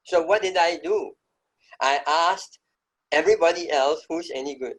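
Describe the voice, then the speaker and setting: Emphatic middle-aged man, slightly high voice. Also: moderate pace, a bit bright, poor audio. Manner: emphatic, reflective storytelling. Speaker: interview guest, entrepreneur. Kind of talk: conversational interview.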